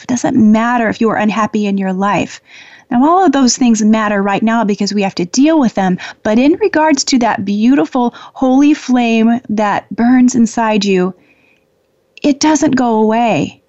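A woman hosting a spiritual call-in show as an angel communicator, talking in an affectionate, gentle way with soft fillers and pauses. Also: fairly high pitch, no echo, highs cut off. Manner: warm, affectionate, laughs often, pauses with fillers. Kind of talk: spiritual talk show monologue.

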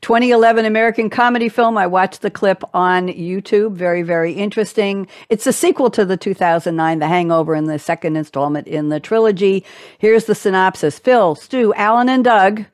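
A woman hosting a panel discussion, chatting playfully and reading quotes with animated emphasis. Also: mid-range voice, a little fast, no room sound, clean studio sound. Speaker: host. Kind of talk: casual panel chat.

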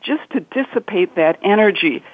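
A woman's voice: mid-range voice, expressive, moderate pace, dry recording. A woman, a marriage and family therapist, giving earnest advice in an interview and acting out inner speech. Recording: tinny phone-line sound.

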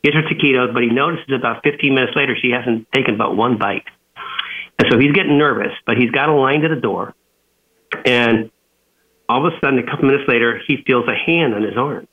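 A man who is an author and businessman, telling a story as an interview guest, with many fillers and restarts. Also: mid-range voice. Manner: rambling, frequent fillers and restarts. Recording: tinny phone-line audio.

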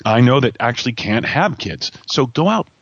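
A talkative man hosts a relaxed conversation and fills his sentences with asides as he goes. His voice has a slightly muffled, lo-fi sound. The room is dry, with no echo around him. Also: mid-range voice, moderate pace, vocal fry. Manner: rambling, many "you know" fillers. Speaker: host. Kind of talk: casual chat.

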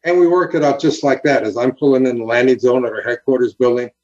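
A man's voice: medium pitch, fairly even intonation, fast, a little mellow. Man, earnest storyteller, acts out quotes, slightly dull lo-fi sound. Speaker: guest, former highway patrol officer. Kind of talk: storytelling in an interview.

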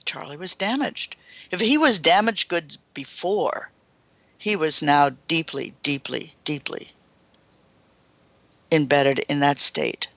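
A woman host tells a first-hand story with drama and gasps, her pitch swinging widely. Her voice is bright with a gravelly edge. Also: animated, measured pace, dry recording.

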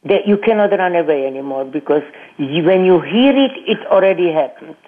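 An older woman, a guest on a radio interview, telling her life story in a halting, earnest way, repeating words and restarting sentences. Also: on the low side, lively intonation. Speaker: guest, Holocaust survivor speaking to students. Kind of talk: personal testimony in a radio interview. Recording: tinny phone-line radio audio.

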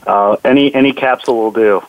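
A man's voice: mid-range voice, a little fast, no echo, narrow, tinny audio. A man answering as a guest on a radio panel, hesitant, with ums and repeated words. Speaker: guest consultant.

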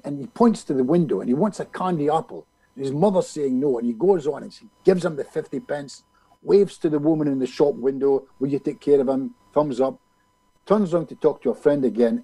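Gravelly, lively man telling a story. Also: medium pitch, no echo, poor audio. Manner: animated storyteller who acts out other people's lines. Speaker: hypnotist guest. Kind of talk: telling a story in a conversational interview.

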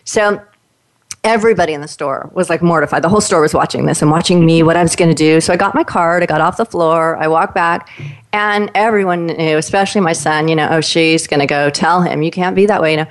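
A woman in casual conversation, telling stories in an animated way and acting out what the people in them said. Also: deep voice, quick pace. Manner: animated storyteller, voices the people in her stories.

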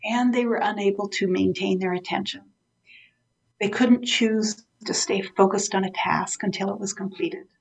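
A woman's voice: mid-range voice, fairly even intonation, normal speed, vocal fry, poor audio. A woman guest in an interview, a vivid storyteller who acts out the dialogue as she explains dementia care.

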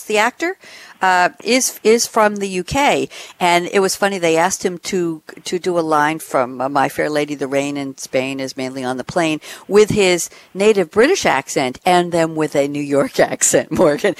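A woman hosting a panel discussion, moderating and calling on guests in a lively, upbeat way. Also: deep voice, dry recording. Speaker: host. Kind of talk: casual chat.

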